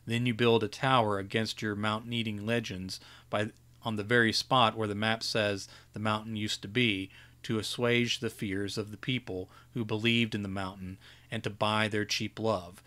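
A man's voice: on the low side, little pitch movement, sharp tone. A man reading his own fantasy story aloud during a live editing session, often stopping to restart and correct a phrase. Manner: reads slowly with frequent restarts and self-corrections.

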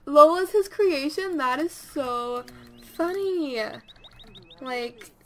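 Woman, high voice, casual let's-play commentary, chatty, talks to her characters, quick to get excited. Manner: easily excited. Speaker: gameplay commentator.

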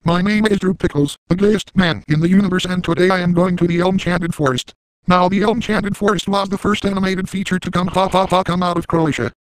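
A man's voice: high-pitched, steady tone, brisk, no echo, close to an everyday voice, rough recording. A man voicing a crude, shameless adult man in a comedic first-person parody narration, smug and mocking, with sing-song sound effects. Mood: gleeful, crude.

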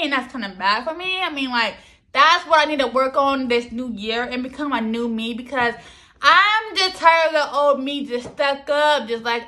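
A young woman vlogging about her New Year goals in a chatty, animated way, full of slang and asides to her viewers. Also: high-pitched. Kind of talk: casual chat to camera.

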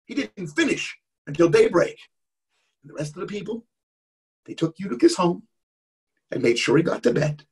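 A man's voice: sits high, expressive, normal speed, pauses often, breathy edge. A man telling an interactive story to an all-age church audience and cueing them to act along. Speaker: guest storyteller. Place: church service.

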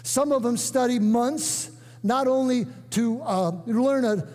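An older man preaching a sermon, emphatic, breaking into shouts and calling on the congregation to answer. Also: very high-pitched, takes it slowly. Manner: emphatic, bursts into shouts and calls for response. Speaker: guest preacher. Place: church sanctuary. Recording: echoey church hall.

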